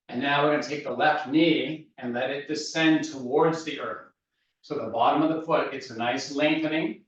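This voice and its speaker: A man leading a guided workout with calm, steady coaching cues, out of breath. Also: on the high side. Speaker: fitness instructor. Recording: echoey room, voice from far off, dull sound.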